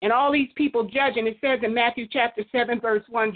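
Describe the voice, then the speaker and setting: A woman's voice: fairly high pitch, steady tone, brisk. A woman calling in to a talk line, rambling and preachy, quoting scripture. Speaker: caller. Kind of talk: phone-in call. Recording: phone line.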